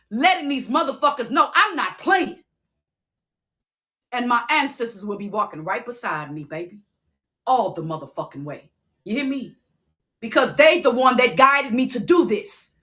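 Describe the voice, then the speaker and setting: A high, bright woman's voice, ranting on a phone livestream. Her delivery is fiery and profane. She keeps pressing listeners with the same challenge again and again. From Southern United States. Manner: fiery, profane, keeps asking "you hear me". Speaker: livestream host.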